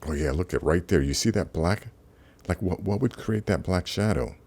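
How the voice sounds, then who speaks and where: A man's voice: deep voice, animated, moderate pace, a little mellow. A man hosting his own video channel, talking casually over clips in a rambling way, with many fillers and restarts. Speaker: channel host.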